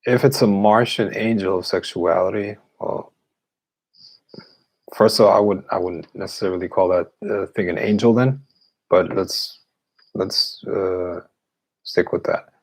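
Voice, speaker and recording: A man's voice: low voice, fairly even intonation, unhurried, long pauses, poor audio. A man speaking as an occultist, answering viewer questions in a casual live Q&A, blunt and profane, with scoffing laughs.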